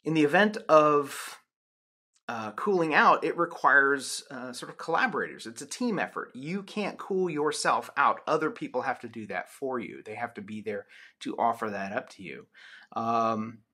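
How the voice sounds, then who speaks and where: Man, sociology lecturer, bright voice, chatty, lots of ums and restarts. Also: medium pitch, expressive, moderate pace. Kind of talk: recorded lecture with personal anecdote.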